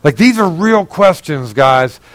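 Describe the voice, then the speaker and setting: A male pastor preaching in a conversational, earnest way, asking the congregation direct questions and swinging between raised, emphatic passages and quiet, low asides. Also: lively intonation, unhurried, dry recording, low-quality recording. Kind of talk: sermon.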